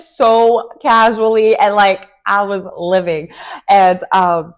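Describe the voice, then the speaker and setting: A woman hosting a casual reality TV recap, animated and sassy, full of slang and quick laughs. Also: medium pitch. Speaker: TV recap host.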